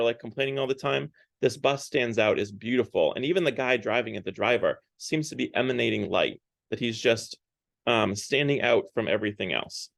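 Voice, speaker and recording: A man's voice: medium pitch, vocal fry, dry recording, studio quality. A man giving a casual Lent talk at a parish. He retells a story in a loose, conversational way, with plenty of fillers. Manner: conversational, loose, with many fillers and hedging words. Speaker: parish speaker.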